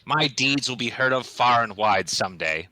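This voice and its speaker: A man voicing a boastful young male adventurer who speaks slowly and sounds self-important. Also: mid-range voice, expressive, bright, forceful tone, dry recording.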